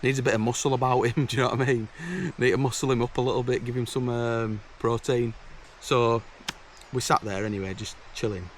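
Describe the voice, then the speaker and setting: A man's voice: mid-range voice, fairly even intonation, brisk, slight background noise. A man telling blunt, chatty stories to camera from a woodland camp outdoors. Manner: chatty, blunt, exasperated anecdotes. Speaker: camping vlogger. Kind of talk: casual storytelling to camera.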